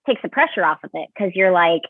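A woman in her thirties chats candidly about her career, full of fillers and restarts. Her voice sits a little low. It comes through a thin, tinny phone line with no room echo. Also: animated, fast talker, breathy edge. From Utah, USA. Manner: chatty, candid, many fillers. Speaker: guest ballet dancer. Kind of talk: casual interview.

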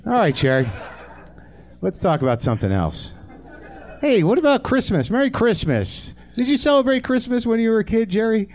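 A man's voice: sits high, sing-song, normal speed, a little mellow. A man in his forties hosting a comedy podcast live on a theatre stage, riffing with the audience in a profane, sardonic way. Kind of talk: live stand-up banter with audience.

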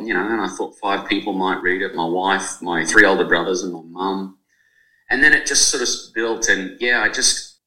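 Forties male author, deep voice, talks in heartfelt run-on bursts, echoey room. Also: pushed and bright. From Australia. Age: 40s. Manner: rambling, emotional, lots of fillers and restarts. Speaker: author and journalist. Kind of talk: podcast interview.

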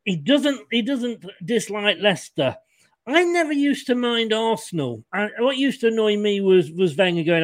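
A man with a high voice hosting a casual football chat in a loose, jokey way. The sound is dry and close, with no room around it. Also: very animated, normal speed, no room sound. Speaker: host.

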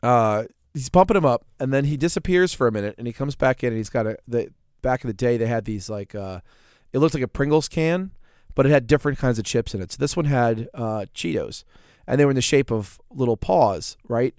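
A man's voice: medium pitch, expressive, a little fast, few pauses, a little mellow, clean tone, no room sound, studio quality. A man co-hosting a podcast, telling boot camp stories in a crude, joking way. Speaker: podcast co-host and former Marine. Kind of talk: casual storytelling chat.

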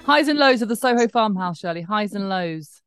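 A woman's voice: medium pitch, animated, normal speed, over loud music. A woman co-hosting a casual chat, teasing her friend with dry wit. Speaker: podcast co-host.

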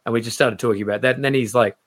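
A man, a stand-up comedian, chatting on a podcast and acting out quoted people in raised, lively voices. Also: medium pitch, racing. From Australia. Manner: animated storyteller, acts out quotes in raised voices. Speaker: comedian guest. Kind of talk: casual podcast chat.

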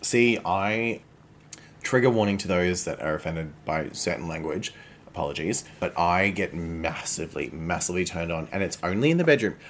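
A man with a low voice chats on a podcast. His tone swings up and down, with frequent swearing and laughter. Faint noise sits underneath. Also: moderate pace. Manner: animated, swears freely, laughs often. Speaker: podcast co-host. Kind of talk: casual, frank chat.

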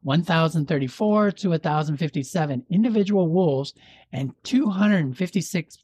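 A man with a slightly husky voice reads a local legend aloud, unhurried and measured, sometimes dropping a dry joke. The sound is close and dry, with no room around it. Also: a little high, lively intonation, darkish tone, dry recording. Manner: measured storytelling, dry jokes. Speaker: podcast host. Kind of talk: reading a legend aloud with banter.

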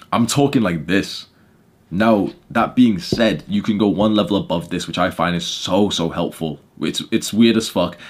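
Low-voiced blunt young man. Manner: blunt, swearing, many fillers, gets loud. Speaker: podcast host. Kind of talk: casual motivational talk.

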